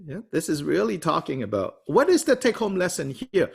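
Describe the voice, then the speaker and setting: A man's voice: fairly quick, vocal fry, slightly rough. A man teaching a study class, answering a student with rhetorical questions and small laughs. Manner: animated, wide-ranging pitch, rhetorical questions, small laughs.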